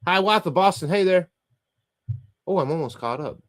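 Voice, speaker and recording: A man's voice: high voice, animated, moderate pace. A middle-aged man hosting a livestream, reading chat comments aloud and ranting casually with profanity and frequent laughter.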